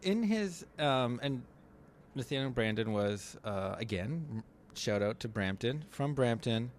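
A man co-hosting a casual podcast, thoughtfully explaining ideas step by step with small pauses and fillers. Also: mid-range voice, animated, a little hiss or hum. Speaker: podcast co-host.

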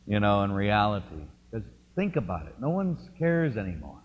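A man preaching a sermon as pastor, telling a story with impassioned swings between loud and hushed. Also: lowish voice, expressive, brisk, hardly any pauses. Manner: impassioned storytelling, rising and falling. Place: church. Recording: lo-fi recording in a reverberant church.

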